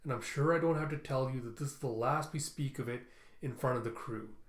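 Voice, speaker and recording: Brief: man voicing a commanding general, measured and solemn, roomy echo. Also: mid-range voice, lightly acted. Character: commanding older male general, grave and ruthless.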